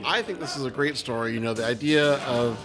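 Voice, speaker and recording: A man co-hosting a casual talk show, easygoing and conversational, often pausing with fillers. His voice sits at an ordinary middle pitch. Faint music plays underneath. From California. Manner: relaxed, conversational with frequent fillers. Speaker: co-host. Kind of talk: casual chat.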